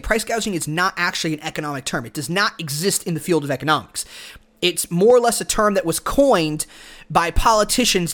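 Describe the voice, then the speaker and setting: A man's voice: high voice, fairly bright tone. Opinionated man hosting a solo podcast. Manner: opinionated, argumentative, talks straight to the listener. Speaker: podcast host.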